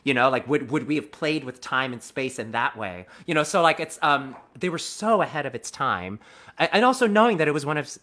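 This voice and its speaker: Guy w a bright voice, stage actor guest, chatty and animated, keeps restarting sentences. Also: medium pitch. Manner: animated, quick-talking anecdotes with many restarts. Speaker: guest, musical theater actor. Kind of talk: conversational interview storytelling.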